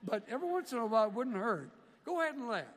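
A man preaching a sermon, swinging from loud emphatic bursts to quiet earnest asides. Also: very high-pitched, big pitch swings, rapid-fire, big-room sound. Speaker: pastor.

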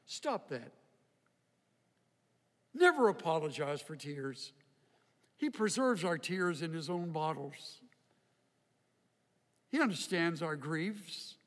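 An older man preaching a sermon in a slow, reflective way, with emphatic rises. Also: fairly high pitch, animated, a bit bright. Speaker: pastor. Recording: hall reverb.

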